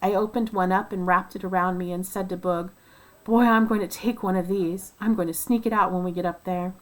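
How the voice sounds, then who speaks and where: A woman reading a nonfiction book aloud at first sight, voicing first-person accounts and lifting her voice for quoted shouts. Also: on the low side, fairly even intonation, fairly quick, poor audio. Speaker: audiobook reader.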